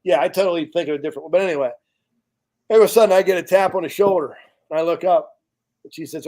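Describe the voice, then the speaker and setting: A man's voice: fairly high pitch, fast, a little mellow. A man in a podcast chat, bluntly telling a profane story about his charity work with veterans. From United States. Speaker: podcast guest, charity founder.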